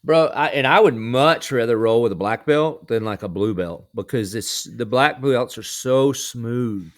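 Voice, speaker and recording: A male pastor who is a guest on a podcast, speaking at a middle pitch in a relaxed, brotherly way. He now and then slips into a preaching cadence. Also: a little slow. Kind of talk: casual interview chat.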